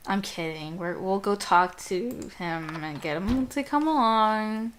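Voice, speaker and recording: A woman's voice: medium pitch, slow pace. A young woman with a girlish, youthful voice rants casually while playing a game. She talks in a chatty, distracted way and drifts off mid-thought. She drops the odd swear word along the way. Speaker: gameplay commentator. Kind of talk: casual gameplay rant.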